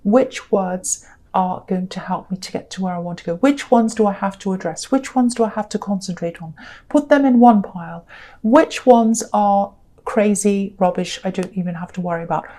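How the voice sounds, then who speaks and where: A woman's voice: medium pitch, normal speed, warm tone. A woman giving a tarot reading, earnest and direct, repeating herself for emphasis. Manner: gives direct advice. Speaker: tarot reader.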